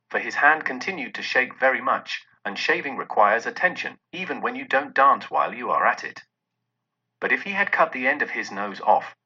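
A man narrates a classic tale with expressive, lively storytelling, his pitch rising and falling widely. His tone is sharp and bright but husky, in a dull lo-fi recording. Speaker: audiobook narrator. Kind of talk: scripted narration.

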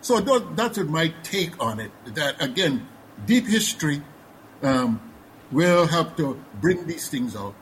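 Guyanese male panelist, slightly higher pitch, halting and reflective, faint noise under the voice. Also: very animated, fairly bright tone, poor audio. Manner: thoughtful, many fillers and restarts. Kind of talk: panel discussion.

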